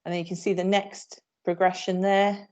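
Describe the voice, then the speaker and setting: A woman from England leads an online training session for teachers on a video call, working as an upbeat PE trainer who demonstrates moves while talking. Her voice is on the low side and a little mellow, with little pitch movement and a moderate pace.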